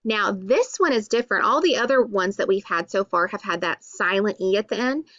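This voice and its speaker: Woman teacher leading a phonics lesson; patient, sounds out syllables slowly, answers her own questions. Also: medium pitch, animated, fairly bright tone, muffled recording. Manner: slow, patient, drawn-out sounding of letters and syllables; asks questions and answers them herself.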